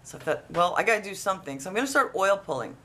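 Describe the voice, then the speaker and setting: A woman casually telling a personal story, rambling and animated with lots of restarts. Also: medium pitch, rapid-fire. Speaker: vlogger.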